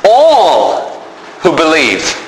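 Male pastor, high and lively delivery, faint background ambience. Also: extremely slow, reverberant, slight background noise, rough recording. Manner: animated preaching, rising emphasis. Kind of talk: sermon.

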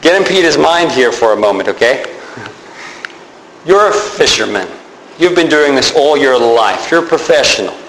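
A man's voice: mid-range voice, normal speed, echoey room, slight background noise, poor audio. A man preaching a sermon, telling stories with energy and acting out the people in them. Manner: animated storytelling, acts out the people in his stories.

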